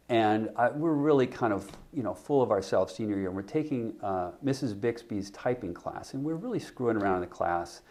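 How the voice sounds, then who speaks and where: A man in his sixties, a podcast guest, telling an animated anecdote in casual chat with frequent restarts. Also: lowish voice. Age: 60s. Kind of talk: casual storytelling.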